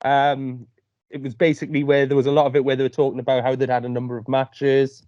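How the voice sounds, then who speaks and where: A man's voice: medium pitch, level tone, quick pace, dry recording. Easygoing man on a dull, dry line. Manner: easygoing, says "mate", laughs along. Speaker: podcast co-host. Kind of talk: casual chat. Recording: dry, slightly dull remote call audio.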